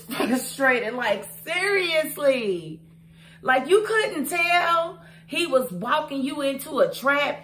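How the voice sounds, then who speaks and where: A woman's voice: fairly high pitch, a little hiss or hum. Sassy young woman recapping a show. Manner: sassy, animated, talks straight to the characters. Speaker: TV show reviewer. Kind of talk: casual recap and commentary.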